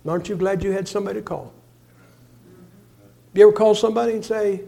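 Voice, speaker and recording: Folksy high-voiced preacher in his 60s. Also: fairly even intonation, fast talker, creaky, long pauses. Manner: folksy, humorous storytelling with sudden loud bursts. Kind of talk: sermon.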